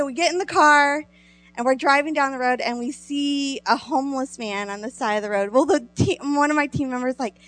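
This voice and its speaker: A woman telling a lively story to a congregation, acting out the voices of the people in it and laughing often. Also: sits high. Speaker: speaker sharing a testimony. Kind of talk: animated testimony to a congregation.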